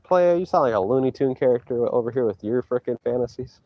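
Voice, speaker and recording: A man streaming from an outdoor hike, trash-talking his chat in a boastful, mocking way with loud teasing outbursts. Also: mid-range voice, lively intonation, quick pace, lo-fi sound, a little hiss or hum. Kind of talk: casual trash talk to chat while hiking.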